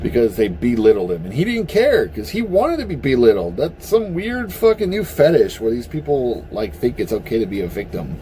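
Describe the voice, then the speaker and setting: A man's voice: medium pitch, brisk, few pauses, slight background noise. A man ranting casually to camera in a blunt, profane, heated way. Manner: animated, heated. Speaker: vlogger. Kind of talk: casual opinion rant.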